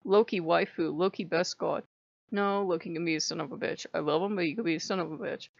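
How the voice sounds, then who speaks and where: A woman's voice: lowish voice, fairly even intonation, racing, gravelly, no echo. A woman who is sick, talking in a frank and rambling way in a casual vlog monologue. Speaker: channel host. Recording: dry, slightly dull recording.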